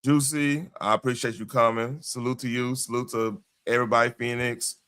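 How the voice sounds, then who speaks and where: A man's voice: mid-range voice, little pitch movement, fairly quick, fairly bright tone, smooth. A tired man hosting a late-night livestream, talking in a loose, blunt, slangy way with his voice wearing out. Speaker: livestream host.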